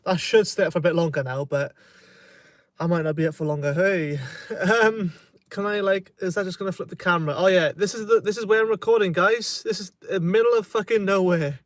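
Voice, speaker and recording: A man's voice: high voice, fairly quick, no room sound. Rambling Welsh man, dry close phone sound. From Wales. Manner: rambling, hesitant, swears freely. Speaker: self-help vlogger. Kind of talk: casual livestream chat. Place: outdoors in a remote spot. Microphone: phone held in hand.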